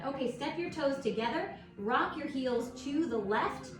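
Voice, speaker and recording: A woman guiding a yoga class at home, calm and encouraging as she talks listeners through each pose. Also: high voice, normal speed. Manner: calm, encouraging, gently instructive. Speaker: yoga instructor. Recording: echoey room with faint music.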